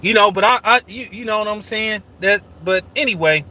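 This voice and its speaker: Streamer host, man, high and very bright voice, profane and combative delivery. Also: fairly quick. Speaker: channel host. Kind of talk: casual livestream talk.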